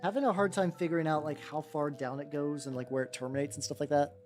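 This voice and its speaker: Streamer, mid-pitched, rambly live-stream chatter over faint background music, loose and unscripted. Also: steady tone, quick pace, darkish tone. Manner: rambling, many fillers and self-restarts. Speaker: miniature painting streamer. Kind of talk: casual live-stream chat while painting.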